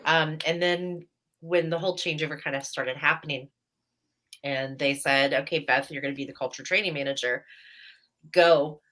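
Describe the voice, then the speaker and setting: Low-voiced woman, bright tone, chatty guest on a radio show, lots of ums. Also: fairly even intonation, normal speed. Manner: chatty, easygoing, with many fillers and laughs. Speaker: guest, staff trainer for ghost hunts. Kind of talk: casual radio talk.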